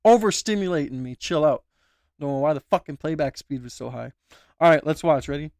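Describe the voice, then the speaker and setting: Excitable high-voiced young streamer guy. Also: brisk, no echo, clean studio sound. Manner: excitable, slangy, keeps saying bro. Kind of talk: casual reaction stream.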